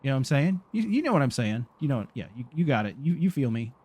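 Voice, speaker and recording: A man's voice: mid-range voice, very animated, quick pace, a little mellow, breathy edge, dry recording. A man, hosting a gaming channel and telling a rambling story while he plays, full of restarts and fillers. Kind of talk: casual storytelling while playing a game.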